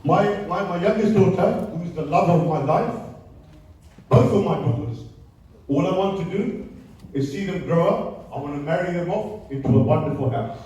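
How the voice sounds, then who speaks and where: A man's voice: sits high, expressive, moderate pace, darkish tone. A man from England addressing a public meeting as a local resident, emotional and pleading, then angry and accusing. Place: large hall with a crowd. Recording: echoey hall from far off.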